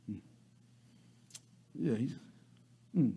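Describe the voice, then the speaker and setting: Husky-voiced preaching man. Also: medium pitch, lively intonation, a little fast. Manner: folksy preaching, repeats words, swings loud to soft. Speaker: pastor. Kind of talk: sermon.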